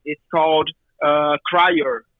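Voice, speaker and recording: A Brazilian man with a Brazilian Portuguese accent speaks slowly, stumbling and repeating words as he hunts for the next one. His voice sits fairly high for a man. It comes through a dull, lo-fi phone line. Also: fairly even intonation, no echo. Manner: halting, repeats words while searching for them. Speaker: guest musician. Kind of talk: casual interview.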